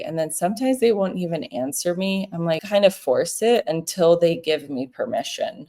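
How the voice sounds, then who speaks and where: A relaxed woman in her thirties chats on a livestream from her home office, her voice sitting low. She talks easily and acts out short phone calls in little voices as she goes. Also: moderate pace, hardly any pauses. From South Florida. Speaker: real estate broker hosting a livestream. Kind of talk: casual livestream advice chat.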